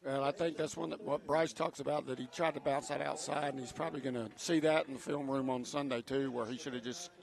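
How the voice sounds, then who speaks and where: Gravelly-voiced man giving football color commentary. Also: mid-range voice, fast, hardly any pauses. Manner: relaxed, conversational analysis. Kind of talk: casual sports commentary.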